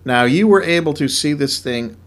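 A man hosting a talk show, asking steady follow-up questions to draw out a guest. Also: fairly high pitch, normal speed. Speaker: host. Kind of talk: interviewing a guest.

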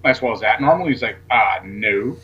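A man's voice: medium pitch, bright, forceful tone, husky, rough recording. A man, a talk show guest, telling a rambling story in casual chat and acting out the lines of the people in it. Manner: rambling, acts out quoted dialogue, swears casually.

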